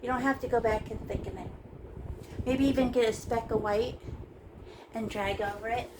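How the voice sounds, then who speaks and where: A woman with a slightly high voice leads a casual painting lesson, chatty and playful as she talks through each stroke. Noise hums steadily behind her, with vehicles passing now and then. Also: steady tone, moderate pace, long pauses, far from the mic. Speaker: painting teacher.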